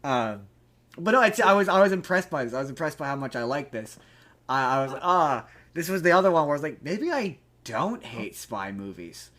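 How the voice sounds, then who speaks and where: A man hosting a podcast, chatting casually about a movie in a rambling, animated way with lots of restarts and swearing. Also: on the high side, brisk. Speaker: podcast host. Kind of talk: casual movie review chat.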